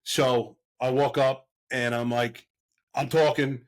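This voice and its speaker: A middle-aged man with a voice of ordinary pitch, talking casually as a podcast guest. He is a longtime police officer who tells his stories with energy and jumps into the voices of the people he is quoting. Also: takes it slowly. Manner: animated storyteller who acts out quoted voices. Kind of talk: casual storytelling.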